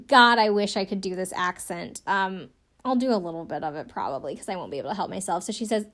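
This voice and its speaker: A woman's voice: mid-range voice, quick pace, fairly bright tone. A young adult woman hosting a casual podcast recap, chatty and rambling, with many "like" fillers and wry asides. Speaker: podcast host. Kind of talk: casual recap of a reality show.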